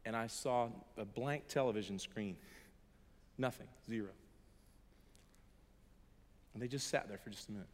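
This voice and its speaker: A middle-aged man, a pastor, giving a sermon built on an emotional personal testimony, moving between hushed and loud passages. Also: fairly low pitch, moderate pace, long pauses. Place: church hall. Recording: reverberant hall.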